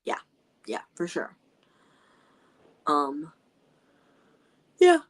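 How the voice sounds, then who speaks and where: A woman's voice: low-pitched, huge pitch swings, very slow. A woman co-hosting a book club livestream in casual chat, hesitant and often trailing off. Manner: hesitant, trailing off, laughing easily.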